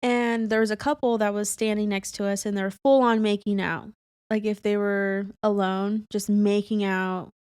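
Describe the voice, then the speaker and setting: A woman's voice: medium pitch, level tone, moderate pace, a little mellow, smooth, no echo. A young woman co-hosting a podcast, telling a personal story in casual chat, full of fillers and close to tears at times. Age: young adult. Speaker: podcast co-host.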